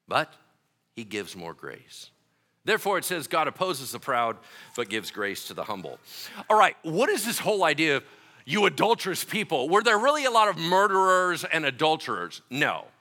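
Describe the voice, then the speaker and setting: Casting note: male pastor, young adult, lively sermon delivery, bright forceful tone, swings widely in pitch. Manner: animated, joking storyteller with voiced asides.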